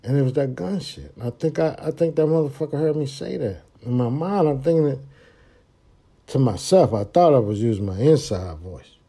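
A man tells a story on his podcast in a mellow, darker voice. He is profane and animated and acts out his own thoughts in quick bursts. His pitch sits in the middle for a man. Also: husky. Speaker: podcast host. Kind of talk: casual storytelling monologue.

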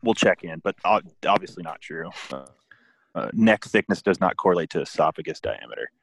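A man co-hosting a podcast in casual chat. His voice is very deep. He is dry and matter-of-fact, and he steers the conversation. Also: big pitch swings, a little fast, vocal fry, fairly bright tone, slightly rough, dry recording. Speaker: podcast co-host.

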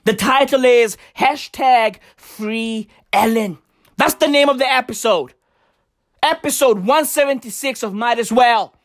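A woman with a high voice holds forth as a podcast host in a swearing, comedic rant. She drags her points out slowly and hammers them home again and again. The sound is close and dry, with no room around her. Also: no room sound. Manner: emphatic, repetitive, heavy swearing.

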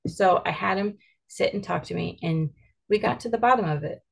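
A woman's voice: mid-range voice, moderate pace, vocal fry, slightly rough. A mother in an earnest, candid podcast conversation, telling stories and reflecting on how she raises her kids.

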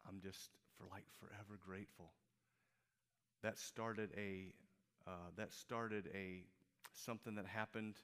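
A male pastor from Peoria, Illinois, preaching a sermon in an animated storytelling way, with frequent halting restarts. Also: lowish voice, clean tone. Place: church.

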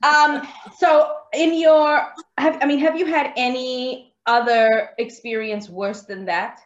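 A woman's voice: high-pitched, steady tone, slow. A woman hosting a casual interview, encouraging her guest and laughing along. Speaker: podcast host. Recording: roomy, dull lo-fi sound.

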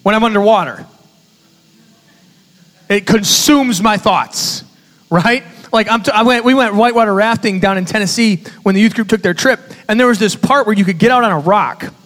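High-voiced man preaching in a reverberant hall. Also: moderate pace. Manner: animated storytelling, conversational asides to audience. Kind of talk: sermon.

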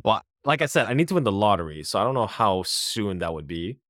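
A man's voice: fairly low pitch, big pitch swings, fast, fairly bright tone, no echo, clean studio sound. A young man in his twenties on a casual podcast, telling a story with lots of laughs, saying "like" and "bro" often.

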